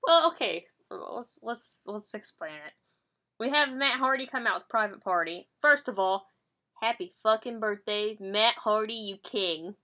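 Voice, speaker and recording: Bright-voiced woman chatting and laughing. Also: mid-range voice, unhurried. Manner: laughing often, blunt and profane. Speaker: podcast co-host. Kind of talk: casual chat recapping wrestling.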